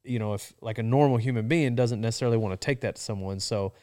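In casual chat, a man with a medium-pitched voice talks fast yet relaxed and reflective, recalling a nervous phone call with his boss. He says "you know" a lot.

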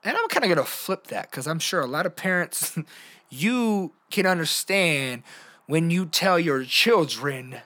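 Guy doing a motivational podcast, goes from quiet to loud, playful, bright forward voice. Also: a little high, normal speed. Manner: animated, playful, jumps between hushed and loud. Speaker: podcast host.

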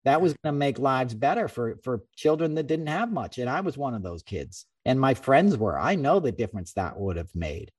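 A man hosting a podcast, talking politics in a loose, animated ramble. He swears freely and keeps restarting his sentences. He sits a little back from the microphone. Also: medium pitch, normal speed, hardly any pauses, slightly rough, recorded from a distance. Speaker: podcast host. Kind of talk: casual political chat.

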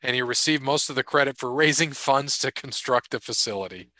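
A man's voice: medium pitch, fairly quick, pushed and bright, no echo. A man co-hosting a podcast in loose, jokey casual chat, running through sponsor thanks and sports gossip. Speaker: podcast co-host.

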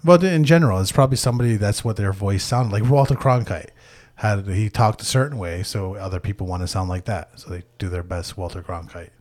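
Mohawk guy cohosting a podcast, kinda low voice, chill and swears a lot. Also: a little fast, a little mellow. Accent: Mohawk English. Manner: laid-back, swears a lot, laughs often. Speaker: podcast co-host. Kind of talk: casual chat.

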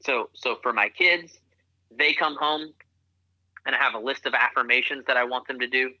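A man's voice: mid-range voice, steady tone, moderate pace, pushed and bright, dry recording. A man, an author and parent, talking earnestly as a guest in a podcast interview, coaching with repeated phrases. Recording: muffled lo-fi remote line.

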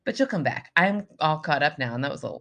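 A woman co-hosting a podcast in casual chat, animated and quick to laugh. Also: deep voice. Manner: animated, laughs often, chatty. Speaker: podcast co-host.

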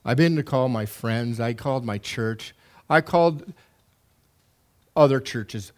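A middle-aged man preaching a sermon as pastor, animated and emphatic, with repetitions and restarts. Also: medium pitch, unhurried.

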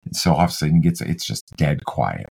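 Deep-voiced middle-aged man telling a story. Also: gravelly, breathy edge. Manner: storytelling, animated, halting restarts. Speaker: podcast co-host. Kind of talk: casual chat.

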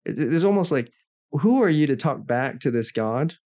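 Male co-host, mid-pitched, earnest and explanatory, casual scripture discussion. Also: expressive, normal speed, dark tone. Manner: earnest, explains scripture step by step with brief restarts. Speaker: podcast co-host.

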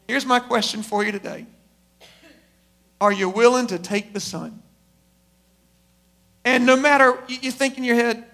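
A male preacher telling a story in a sermon, moving between quick asides and slow, emphatic phrases. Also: extremely high pitch, fairly bright tone.

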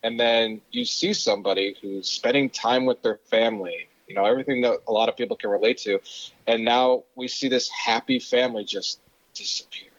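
A man's voice: medium pitch, steady tone, fairly quick. Casual male co-host, slightly lo-fi. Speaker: podcast co-host. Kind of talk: casual chat. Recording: slightly dull lo-fi sound.

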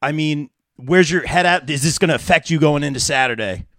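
A man hosting a live podcast interview, excitable and reading out comments from the chat. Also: on the high side, a little fast, dry recording. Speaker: podcast host.

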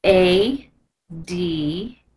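A woman's voice: on the low side, animated, extremely slow, a little mellow. A woman hosting a live video stream in a casual, gushing and impassioned way, sometimes slipping into a preachy tone. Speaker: host of a live product video.

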